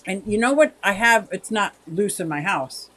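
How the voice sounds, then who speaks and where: A woman's voice: medium pitch, animated, moderate pace, a bit bright. A woman hosting a casual livestream, chatting with viewers in a rambling way and thanking them by name. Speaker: livestream host.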